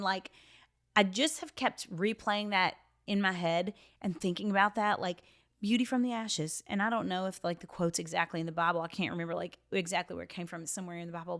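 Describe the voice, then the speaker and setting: A woman in her thirties hosting a podcast, telling a personal story in an earnest, emotional way, often dropping into a hushed voice for quotes. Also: mid-range voice. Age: 30s. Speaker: podcast host.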